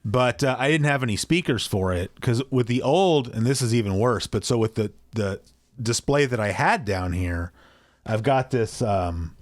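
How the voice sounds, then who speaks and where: This podcast co-host speaks from a cramped basement at home, seemingly over a video call, keeping the casual chat loose, meandering and self-deprecating. The recording is dry, his mid-range voice lively in intonation at a moderate pace.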